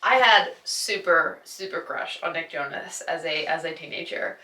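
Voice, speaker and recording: A woman's voice: low voice, moderate pace, sharp tone. A young woman, chatting casually and gushing as she retells a film, acting out the lines. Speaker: vlogger. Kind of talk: casual chat. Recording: echoey room, a bit far from the mic.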